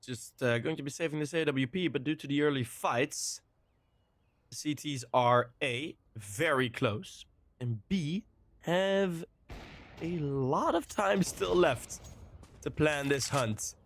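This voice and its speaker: Excitable male esports caster. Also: fairly high pitch, no echo. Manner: excitable, bursts of exclamations and laughs between fast calls. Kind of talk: live play-by-play commentary.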